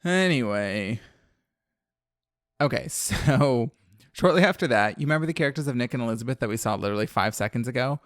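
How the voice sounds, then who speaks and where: A brisk, mid-range voice with lively intonation belongs to a New Orleans man co-hosting a podcast, captured on a dry, clean studio recording. Chatty and profane, he recaps a horror film, laughing often and using lots of fillers.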